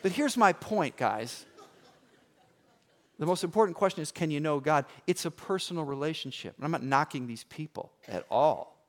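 A middle-aged man preaching as a pastor, telling a story with acted-out voices and swings from hushed to loud. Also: a little high, lively intonation, normal speed. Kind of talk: sermon with a personal story.

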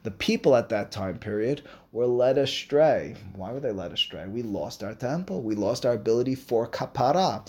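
Male Torah teacher, mid-pitched, lively and emphatic classroom lecturer. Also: moderate pace, hardly any pauses. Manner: animated, emphatic, rhetorical questions.

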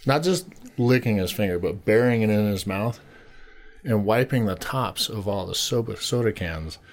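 A man telling a story on a casual podcast, swearing freely and acting out shouted lines. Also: on the low side, moderate pace. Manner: animated storyteller, swears a lot, acts out shouted quotes. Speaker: podcast co-host.

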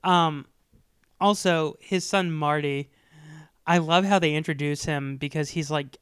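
A man co-hosting a casual podcast chat who keeps breaking into loud, exaggerated impressions of lines he quotes. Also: on the high side, steady tone, unhurried, smooth, dry recording, studio quality. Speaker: podcast co-host.

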